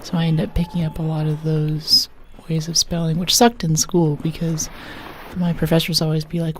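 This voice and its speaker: Playfully rambling as she plays a game on stream, a woman from the United States uses a gentle ASMR manner and frequently slips into whispers. She speaks at normal speed in a low-pitched, flat voice, and slight background noise can be heard.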